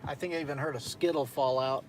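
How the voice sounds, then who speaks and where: A man's voice: medium pitch, steady tone, fast, slight background noise. A young man hosting a casual late-night stream, telling a story in a loose, profane way with frequent laughs. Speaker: streamer host.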